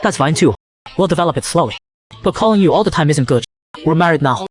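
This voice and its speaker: A smug, overbearing male shark who keeps teasing and pressing his claim, as a male narrator puts him on. He talks fast in a slightly high voice, with little change from the storyteller's own. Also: expressive, lightly acted. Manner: teasing, persistent, possessive. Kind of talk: comic recap narration.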